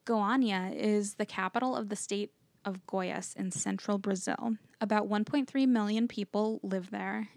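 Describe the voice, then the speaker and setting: A woman's voice: mid-range voice, steady tone, unhurried, creaky, darkish tone, no echo. A woman podcast co-host reading out her researched notes to her co-hosts in an earnest way, dropping lots of "like" when she talks off the page. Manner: earnest, uses "like" when chatting.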